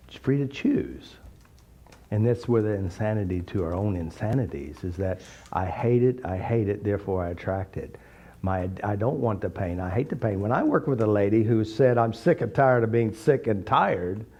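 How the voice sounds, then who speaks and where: A man giving an informal, blunt teaching talk full of jokes and animated stories. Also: low voice, breathy edge. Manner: blunt, joking, animated storytelling. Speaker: therapy method teacher. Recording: slightly dull recording.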